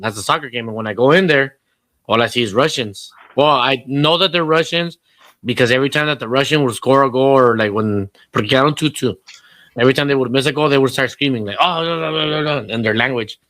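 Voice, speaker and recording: A man's voice: medium pitch, fast talker, a bit bright, no echo. A man co-hosting a podcast in casual chat, telling rambling, profane stories and slipping into Spanish. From Southern California. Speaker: podcast co-host.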